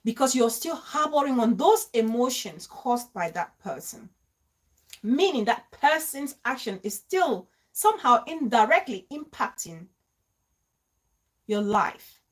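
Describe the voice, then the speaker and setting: Woman live streamer, higher voice, unhurried delivery, gushing greetings to the chat. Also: big pitch swings. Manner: effusive, greets viewers by name. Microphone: phone.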